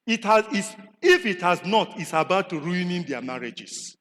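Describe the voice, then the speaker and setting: High-voiced Nigerian preacher, shouting in a reverberant chapel. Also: male voice, unhurried. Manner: animated, rising to shouts then dropping low, with rhetorical questions. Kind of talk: sermon. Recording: long hall reverb in a chapel.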